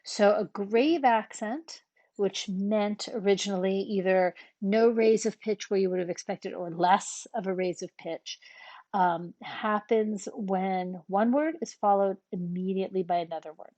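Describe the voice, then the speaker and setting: A woman's voice: medium pitch, unhurried, darkish tone, no echo. A woman teaching a language lesson in a patient, step-by-step way, with frequent ums between points. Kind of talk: relaxed classroom explanation.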